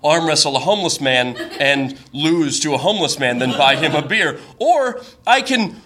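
A man's voice: fairly high pitch, normal speed, a crowd in the background. Self-deprecating young man telling a story. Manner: self-deprecating, deadpan asides. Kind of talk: comedic personal storytelling on stage.

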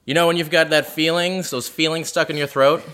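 A man's voice: a little high, steady tone, fairly quick, fairly bright tone. A man telling a wry, self-deprecating personal story at a live house show in a living room.

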